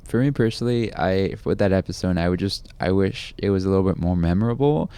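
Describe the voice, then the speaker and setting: A man's voice: sits low, quick pace, mellow, clean tone. A man co-hosting a podcast in casual chat, rambling with many fillers and teasing his friends. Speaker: podcast co-host.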